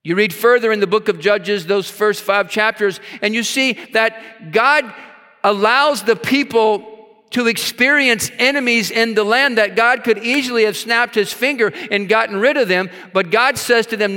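High bright-voiced man preaching a sermon. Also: moderate pace, smooth. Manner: emphatic, reads scripture aloud with asides. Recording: long hall reverb.

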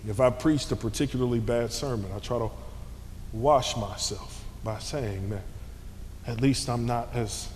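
Man preaching with big dynamic swings. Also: unhurried. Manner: dynamic, swings from hushed to shouting; slangy, conversational asides. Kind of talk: sermon. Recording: long hall reverb, faint rumble.

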